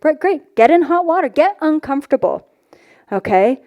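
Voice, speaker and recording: Woman, high voice, spiritual teacher on an expo stage: lively, profane, self-mocking. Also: moderate pace. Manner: animated, swearing, self-mocking, laughs often. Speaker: spiritual teacher giving a talk.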